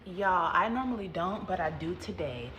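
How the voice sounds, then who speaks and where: A woman hairstylist tells a story to camera in a lively, talkative way, calling her viewers y'all. Her voice is bright and forceful. The recording has a noticeable roomy echo. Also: on the low side, moderate pace, a little hiss or hum. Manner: animated, chatty storytelling that addresses viewers as y'all. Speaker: salon owner and hairstylist. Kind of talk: casual storytime vlog.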